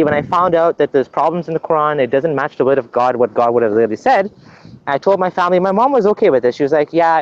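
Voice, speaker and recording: A man's voice: on the high side, highs cut off. A man being interviewed as a guest, explaining at length in an earnest, conversational way, often restarting his sentences.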